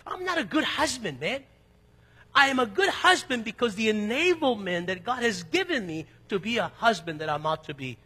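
A middle-aged male pastor preaching a sermon, swinging between quiet, low passages and loud, emphatic outbursts, and slowing down to read scripture aloud. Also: sing-song, slightly rough, in a large hall.

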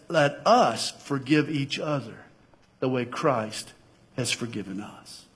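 A male pastor with a Southern US accent, preaching a sermon with passion that swells to near-shouts. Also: medium pitch, animated, slow, husky.

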